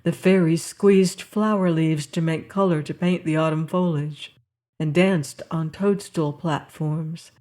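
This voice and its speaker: A woman narrating a novel aloud in a calm, measured storytelling manner. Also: low-pitched. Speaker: audiobook narrator. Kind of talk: scripted narration.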